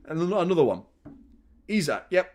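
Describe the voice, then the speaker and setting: A man's voice: a little high, big pitch swings, moderate pace, darkish tone. Opinionated man on a live football watchalong. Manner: chatty and opinionated, swears, rises sharply at big moments. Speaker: host of a football fan channel. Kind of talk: live match watchalong commentary.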